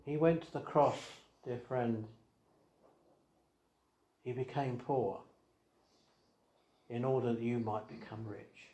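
A man preaching an evangelistic sermon, asking rhetorical questions and swinging between quiet asides and raised emphasis. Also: mid-range voice, slow, long pauses. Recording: echoey hall.

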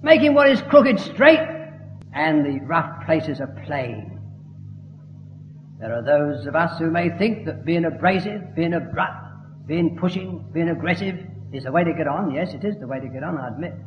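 A man's voice: on the high side, animated, normal speed, over music. A man preaching a sermon, emphatic and building to fervent declamation. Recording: echoey hall, dull lo-fi sound.

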